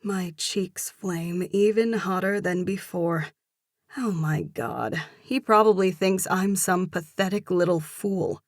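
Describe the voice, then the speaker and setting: A woman narrating a romance novel in first person with steady storytelling. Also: medium pitch, unhurried, hardly any pauses, dry recording, studio quality. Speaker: audiobook narrator.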